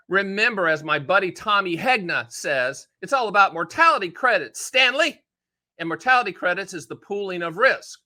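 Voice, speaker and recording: Bright, folksy male annuity advisor. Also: a little high. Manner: folksy, joking asides, animated put-on voices. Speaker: annuity advisor hosting his own show. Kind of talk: casual direct-to-camera explainer.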